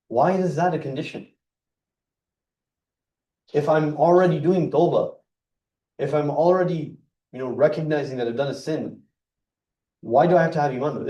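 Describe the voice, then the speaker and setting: A man's voice: mid-range voice, dark tone. Earnest man speaking in an echoey hall. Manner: earnest, explains word by word with emphasis. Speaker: speaker at a mosque gathering. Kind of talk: religious talk. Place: mosque hall. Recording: echoey hall, mic heard from a distance.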